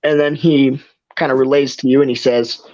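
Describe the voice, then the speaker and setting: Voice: medium pitch, flat delivery, normal speed, a little mellow. A game master narrating a tabletop game in a rambling, casual way with many restarts. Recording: dull lo-fi recording.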